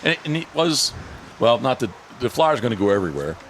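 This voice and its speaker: A man hosts a relaxed podcast, recounting events in a lively, rambling way. He circles back, restarts sentences and drops into little voices for the people in his story. His voice sits in a middling register, with a faint background hiss. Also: medium pitch, fast talker. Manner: animated storyteller, repeats words, frequent restarts; acts out other people's lines in hushed or shifted tones. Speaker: podcast host and dog handler. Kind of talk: casual podcast chat.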